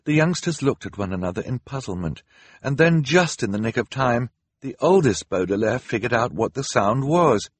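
Male audiobook narrator, low and husky, lively dramatic delivery, dry close recording. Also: moderate pace, no room sound. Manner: expressive storytelling with dramatic rises. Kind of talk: scripted narration.

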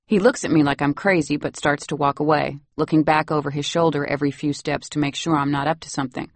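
A woman narrating a novel in the first person, wry and lively. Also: low-pitched, quick pace, no room sound. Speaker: audiobook narrator.

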